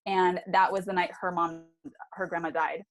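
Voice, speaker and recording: A woman co-hosting a podcast, telling stories in animated casual chat with fillers. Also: on the low side, normal speed, a crowd in the background. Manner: animated storytelling with fillers and laughs. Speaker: podcast co-host.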